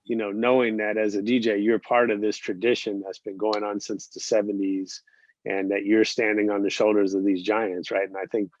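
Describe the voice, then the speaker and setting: A man's voice: fairly low pitch, little pitch movement, moderate pace, no echo. A male podcast host reflects aloud, threading his thoughts with fillers and easy affirmations. His voice sounds dry and close, with a slightly dull, muffled top end. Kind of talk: podcast interview.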